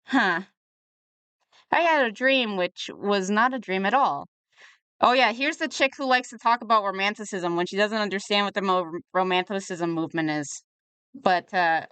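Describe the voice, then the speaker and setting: A woman's voice: medium pitch, a bit bright, clean tone, dry recording. A young woman reviewing a webcomic in casual, sarcastic commentary, a little tipsy from drinking. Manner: chatty and sarcastic, riffing on the comic.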